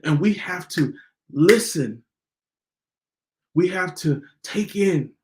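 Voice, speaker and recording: A man's voice: sits high, expressive, takes it slowly, darkish tone, slight background noise. A man hosting a podcast, giving a motivational talk in a preachy way and repeating lines for emphasis. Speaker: podcast host.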